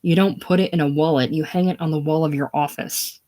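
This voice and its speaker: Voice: mid-range voice, fairly even intonation, a little fast, warm tone, close to an everyday voice. A reader doing a weary male doctor who answers insults stiffly and defensively. The delivery is casual, as in a play reading.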